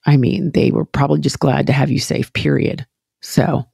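A woman with a mellow, darker voice hosting an interview. She affirms her guest and repeats her questions. The sound is dry and close. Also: very deep voice, steady tone, moderate pace, creaky, husky, no echo. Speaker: interviewer host.

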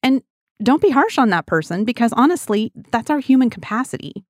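A woman's voice: fairly high pitch, sing-song, brisk, no room sound. Earnest woman teaching the Bible, dry close sound. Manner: earnest, conversational, addresses listeners as guys.

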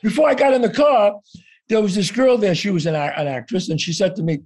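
A man's voice: sits high, very animated, fast talker, a little mellow, breathy edge. An older man telling his story as a podcast guest, acting out both sides of each conversation and swearing freely. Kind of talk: animated storytelling.

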